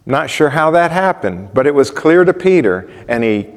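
A man preaching a sermon in a relaxed, conversational way, often putting questions to the congregation. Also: fairly high pitch, normal speed. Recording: long reverb of a large hall.

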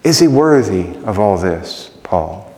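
A pastor preaching a sermon through a string of rhetorical questions. He swings from ringing emphasis down to hushed softness. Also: fairly low pitch, very animated, takes it slowly, slight background noise. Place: church sanctuary. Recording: long reverb of a church hall.

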